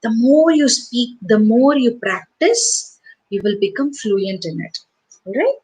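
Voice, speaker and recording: A woman's voice: fairly high pitch, sing-song, unhurried, darkish tone, slight background noise, rough recording. A woman teaching an online class to young children, coaxing them with repeated questions. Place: home or small room, online class.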